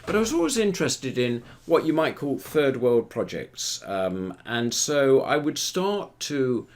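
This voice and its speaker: Older man, documentary interview, animated storytelling, very lively intonation, middle-pitched voice. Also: a little slow. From Britain. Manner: lively anecdotal storyteller who acts out dialogue. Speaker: retired theatre performer interviewee.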